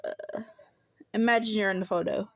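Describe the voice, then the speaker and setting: A woman reads a fan story aloud at a slow, unhurried pace, stumbling and correcting herself as she goes. She adds little giggling asides between passages. Her voice is dry and close, recorded on a phone. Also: on the high side, expressive, dry recording. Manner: halting reading, self-corrections and giggling asides. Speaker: fan fiction reader. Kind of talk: casual story reading.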